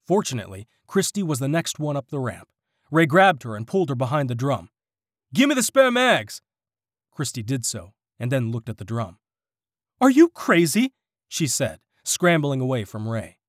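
A male narrator reads a story aloud in a steady, expressive way. His intonation is very lively. The recording is dry and close. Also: mid-range voice, brisk, no echo. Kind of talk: audiobook narration.

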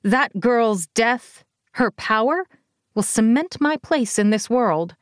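Defiant and furious, a weakened sorceress snaps with imperious bite in a shrill, commanding tone, voiced by a woman narrator noticeably higher and louder than her surrounding narration. Her intonation is lively and she takes it slowly. This close, dry audiobook character voice has no echo.

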